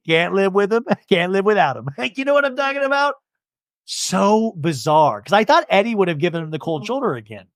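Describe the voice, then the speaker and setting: Young adult man, podcast host, jokey TV recap, fairly high voice, very lively pitch, dry close sound. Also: moderate pace, no echo. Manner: animated, jokey, acts out quotes. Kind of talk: casual TV recap commentary.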